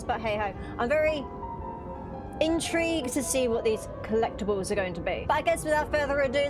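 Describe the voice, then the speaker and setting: A young woman giving chatty, giggly commentary on a game she is playing, swearing casually. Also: a little high. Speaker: gaming video creator. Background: game music.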